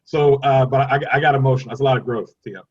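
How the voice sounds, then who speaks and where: A man's voice: medium pitch, fast talker, slightly rough, highs cut off. Rambling, laughing panel moderator man. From Dallas, Texas. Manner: rambling and self-deprecating, laughs often, many restarts. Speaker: forum moderator. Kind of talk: panel discussion.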